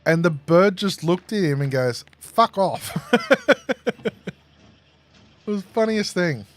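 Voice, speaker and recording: This Australian streamer has a high-pitched voice with lively intonation and talks at a moderate pace. While gaming, he chats casually with his live audience, rambling through stories and laughing along at them.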